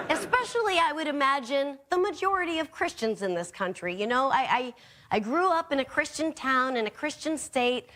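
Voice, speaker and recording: A woman's voice: high voice, sing-song, moderate pace, bright, forceful tone, a little hiss or hum. A woman hosting a comedy show, delivering a sarcastic, punchy monologue to a studio audience. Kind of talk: stand-up monologue.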